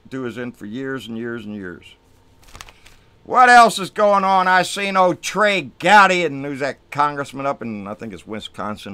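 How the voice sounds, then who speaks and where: Man ranting about politics: bright, lively pitch, dry close sound, profane and fired up. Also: clear, resonant tone, no echo. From Texas. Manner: profane, fired-up, swings between muttering and shouting. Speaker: political vlogger. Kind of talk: angry political rant.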